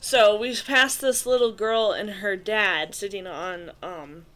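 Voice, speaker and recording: A woman's voice: mid-range voice, fairly even intonation, slow, a bit bright. A woman chatting casually on a podcast, telling anecdotes and laughing through them. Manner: giggly storyteller, laughs through her anecdotes. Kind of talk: casual chat.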